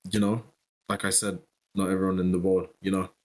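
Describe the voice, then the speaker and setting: A man's voice: deep voice, flat delivery, brisk. A man with a British accent, a podcast guest, talking in a laid-back, rambling way. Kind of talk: casual chat.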